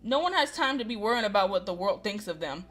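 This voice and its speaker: A woman's voice: medium pitch, sing-song, fast talker, a bit bright, soft background music. Woman reading as a smug young nobleman. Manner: condescending. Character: smug arrogant young male aristocrat. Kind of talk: reading a visual novel aloud.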